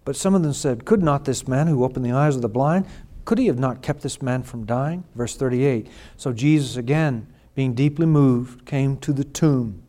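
A man preaching a sermon, reading scripture and swinging from hushed, slow lines to loud, drawn-out emphatic ones. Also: mid-range voice. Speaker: pastor.

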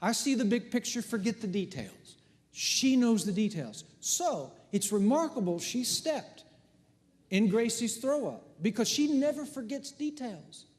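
A middle-aged man preaching a sermon as pastor, telling stories with big swings from hushed to loud. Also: extremely high pitch, sing-song, a little slow. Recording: long hall reverb.

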